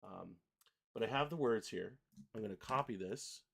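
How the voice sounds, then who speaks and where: A man hosting a livestream software tutorial in a relaxed, chatty way, reading lyrics aloud as he types and clicks. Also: fairly low pitch, moderate pace, gravelly, husky. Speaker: host, software product designer. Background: keyboard typing and mouse clicks.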